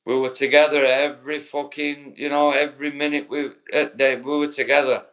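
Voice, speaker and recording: Slightly high and a bit bright, his voice shows little pitch movement at a moderate pace. He's a Yorkshire livestreamer in his forties, swearing freely as he rambles through stories in casual chat.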